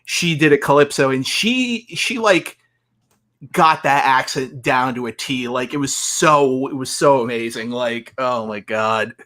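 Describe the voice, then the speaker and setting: A co-host in casual chat, excitable and halting, full of fillers. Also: medium pitch.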